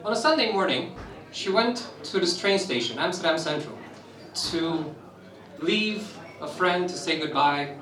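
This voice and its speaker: A young man from Romania telling a personal story at an open mic, animated and laughing through the funny parts. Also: a little high, measured pace. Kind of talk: spoken-word storytelling. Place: live stage in a roomy venue. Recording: echoey room, voice from some distance.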